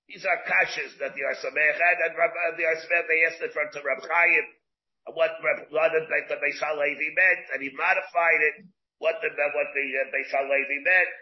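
A man's voice: on the high side, steady tone, moderate pace. A man, a rabbi, giving a Talmud lecture, often restarting his sentences and weaving in Hebrew and Aramaic terms. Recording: muffled lo-fi recording.

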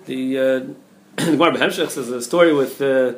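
A man, a rabbi, giving a Talmud class, talking quickly with many restarts and repeated words. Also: on the high side, animated. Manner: rapid, repeats words and restarts, mixes Hebrew and Yiddish terms into English. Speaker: rabbi teaching a daily Talmud page.

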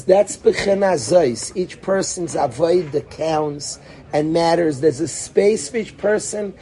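Male rabbi giving a Torah class, warm and higher-pitched, acting out questions and answers as he thinks aloud. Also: slow pace. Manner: sprinkles Hebrew and Yiddish terms. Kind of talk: Torah lesson.

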